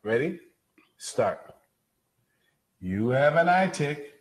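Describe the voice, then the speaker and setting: A man acting as coach in a recorded drill demonstration, slow and mocking as he tries to provoke the student. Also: a little high, big pitch swings, a little hiss or hum, low-quality recording. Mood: taunting.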